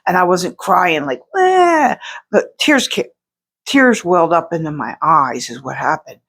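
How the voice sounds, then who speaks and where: A woman's voice: sits low, animated, normal speed, vocal fry, fairly bright tone, slightly rough. A woman artist chatting to her viewers at home in a rambling, casual way, full of restarts and fillers. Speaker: outsider artist vlogger. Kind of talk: casual chat to camera.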